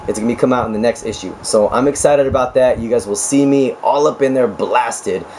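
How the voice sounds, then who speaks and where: Hoarse, chatty young nurse vlogger man. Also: mid-range voice, brisk, darkish tone, a little hiss or hum, rough recording. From United States. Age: 20s. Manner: chatty, laughing, joking asides. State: raspy, hoarse voice. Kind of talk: casual chat to camera.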